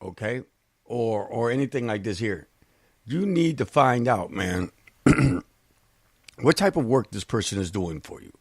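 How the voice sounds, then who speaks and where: Hombre animado que cuenta historias sin rodeos. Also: male voice, medium pitch, a little slow, long pauses, breathy edge, no room sound, studio quality. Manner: blunt, animated storytelling with profanity. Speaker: co-host. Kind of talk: casual radio chat.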